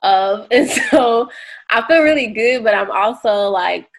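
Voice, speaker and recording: A woman co-hosting a podcast, chatting loosely and thinking out loud with many fillers. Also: on the high side, animated, a little slow. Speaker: podcast co-host. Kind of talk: casual podcast chat.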